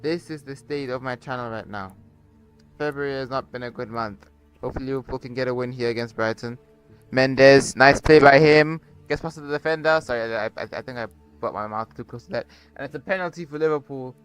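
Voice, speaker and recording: A young man commentating a football video game on a borrowed microphone, with excitable play-by-play and rambling asides. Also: medium pitch, fast, smooth, soft background music. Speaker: gaming YouTuber. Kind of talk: casual gameplay commentary. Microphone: borrowed cheap microphone.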